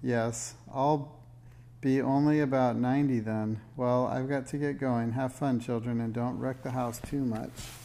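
A man's voice: mid-range voice, steady tone, measured pace, gravelly, dark tone. A man voicing a kindly, busy grandmother in a storybook reading, cheerful but a little weary.

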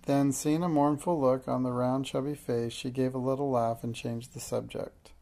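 A man reading a children's novel aloud as audiobook narration, measured and even. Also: mid-range voice, gravelly. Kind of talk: scripted narration.

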